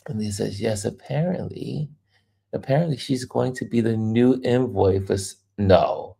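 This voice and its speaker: On his casual livestream, a man with a medium-pitched, creaky and husky voice speaks slowly. He chats loosely and animatedly, often laughing as he reads viewer comments aloud.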